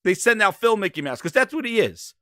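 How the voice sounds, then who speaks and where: A man hosting a gaming podcast, ranting in profane, animated casual chat. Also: sits high, brisk, no echo, clean studio sound. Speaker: podcast host.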